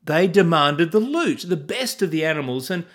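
A man's voice: on the high side, big pitch swings, moderate pace, a bit bright. A man teaching from the Bible in a sermon style, earnest and asking his listeners questions.

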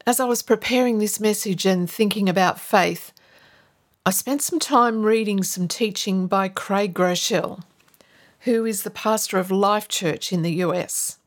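A woman's voice: medium pitch, a little slow. A woman pastor giving a sermon to her church, earnest and emphatic, acting out the people she quotes.

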